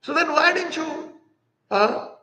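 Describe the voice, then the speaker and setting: A man's voice: very high-pitched, lively intonation, slow, sharp tone, poor audio. A middle-aged male preacher, giving a devotional lecture and telling a story, explaining terms and acting out characters.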